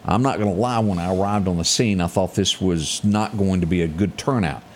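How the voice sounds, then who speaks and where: A man co-hosting a casual morning show and reading local headlines, animated and prone to singing snippets of lyrics. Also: deep voice, a little fast, a little hiss or hum.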